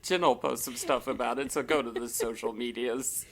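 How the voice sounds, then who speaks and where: A woman's voice: rumbling low, normal speed. A woman co-hosting a podcast in casual chat, teasing her co-hosts and laughing easily. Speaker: podcast co-host.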